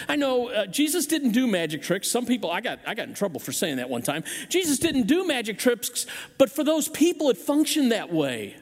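Preaching in a church sanctuary with a long reverb tail, a pastor speaks in a very high voice at a moderate pace. He animates his stories with acted-out voices, and his words often restart and repeat.

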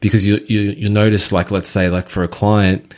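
A man's voice: lowish voice, level tone, normal speed. A man in a casual podcast conversation who reflects on and sums up points from training sessions.

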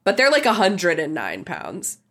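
A woman's voice: on the low side, huge pitch swings, moderate pace, a bit bright. A woman co-hosting a podcast, chatting casually in a playful, teasing, slangy way. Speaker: podcast co-host. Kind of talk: casual chat.

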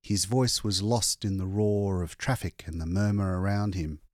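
A man reading a short story aloud as an audiobook narrator, measured and expressive. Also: low-pitched, no room sound, studio quality. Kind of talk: scripted narration.

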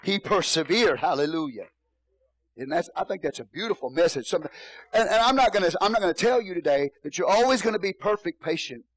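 Guy pastor preaching in church, kinda high voice, keeps saying hallelujah. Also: animated, fast talker, low-quality recording. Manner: preacherly, repeats phrases, exclaims hallelujah. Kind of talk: sermon.

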